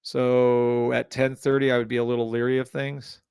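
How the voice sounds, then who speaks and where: A man hosting a live trading stream, pitching a scanner and ranting bluntly at viewers, swearing freely and sounding exasperated. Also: level tone, moderate pace, gravelly, darkish tone, clear, resonant tone, no echo, clean studio sound. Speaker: trading livestream host.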